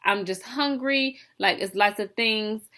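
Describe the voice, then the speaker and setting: A young woman in a casual storytelling vlog, animated and chatty, full of fillers and asides. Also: medium pitch, measured pace. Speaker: vlogger telling a story.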